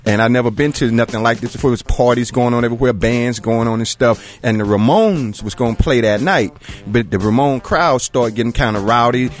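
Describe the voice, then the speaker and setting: Laid-back man telling a story on the radio. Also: mid-range voice. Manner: relaxed, colloquial, says "man" a lot. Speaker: show regular and guest. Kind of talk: casual storytelling.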